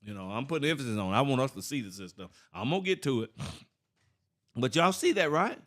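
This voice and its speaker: A man with teaching scripture informally, asking rhetorical questions, laughing and reading verses slowly. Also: mid-range voice, big pitch swings, a bit bright. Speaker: Bible teacher.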